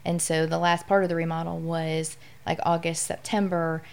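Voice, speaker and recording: A woman's voice: low-pitched, little pitch movement, moderate pace, vocal fry, smooth. A middle-aged woman speaking candidly and with emotion as a guest in a conversational interview.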